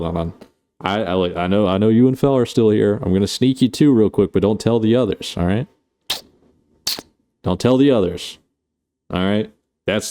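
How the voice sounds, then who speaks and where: A man's voice: on the low side, mellow. A man on a live stream, chatting casually and swearing as he recaps a film. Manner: rambling, profane, playful.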